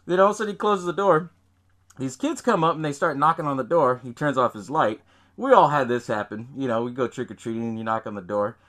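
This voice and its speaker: A man's voice: mid-range voice, quick pace, a bit bright. A man hosting a podcast, casually recapping a horror film in a rambling, profane way. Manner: rambling, profane, laughs at own retelling. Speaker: podcast host.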